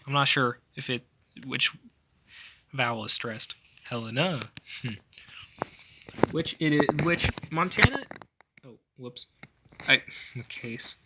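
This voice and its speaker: A man's voice: medium pitch, lively intonation, takes it slowly, long pauses, pushed and bright, a little hiss or hum. A young man casually talking over a map, rambling with lots of fillers and self-corrections as he ranks things. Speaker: vlogger.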